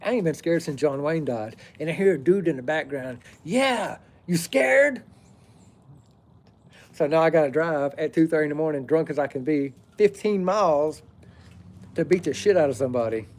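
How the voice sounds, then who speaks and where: A man's voice: a little high, brisk, darkish tone. A man, telling a personal story in a rambling, profane, drawling way.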